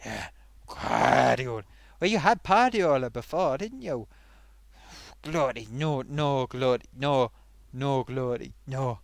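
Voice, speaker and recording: A man's voice: mid-range voice, lively intonation, takes it slowly, creaky, no echo, pitched below the performer's own voice. A man voicing a theatrical potato football fan. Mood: grandiose. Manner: theatrical, swings from grand to whispered despair. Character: melodramatic male potato, gloomy football fan.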